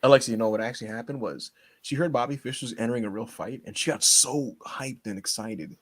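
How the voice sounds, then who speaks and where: A man co-hosting a casual podcast, excitable and teasing, laughing often as he talks. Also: medium pitch, quick pace. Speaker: podcast co-host.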